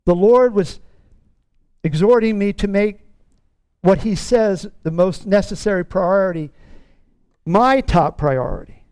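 A middle-aged man preaching a sermon in an earnest tone, stretching out key words slowly for emphasis. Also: high-pitched, a little mellow, clear, resonant tone, no room sound. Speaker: pastor.

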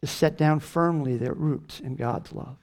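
A man preaching a sermon, slowing down and leaning hard on key words. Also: on the high side. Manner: slow emphatic preaching, rising on key words. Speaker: pastor.

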